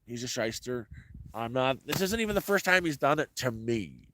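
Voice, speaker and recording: A man rambling through a casual vlog at a middle pitch, stumbling over his words and repeating himself as he goes. A faint hiss and a few clicks sit under his voice. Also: lively intonation, normal speed, a bit bright. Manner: rambling with frequent restarts and stammered repeats. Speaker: vlogger. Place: rural off-grid homestead, cold.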